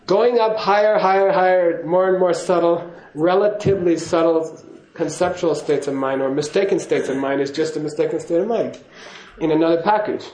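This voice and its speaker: A man's voice: on the high side, normal speed, hardly any pauses, darkish tone, reverberant, rough recording. A man giving a casual spoken teaching to a class, chatty and laughing, often checking in with "okay?". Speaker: Buddhist teacher.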